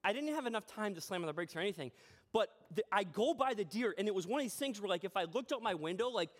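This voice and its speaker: A man preaching a sermon as pastor in a church, telling a personal story in a chatty, animated way with self-deprecating humor. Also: sits high, quick pace. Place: church sanctuary.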